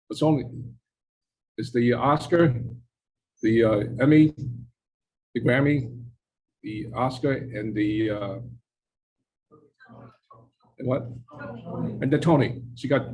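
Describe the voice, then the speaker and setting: A man's voice: mid-range voice, darkish tone, slight background noise, low-quality recording. A man, a restaurant owner, giving a casual presentation, chatty and hesitant with many fillers.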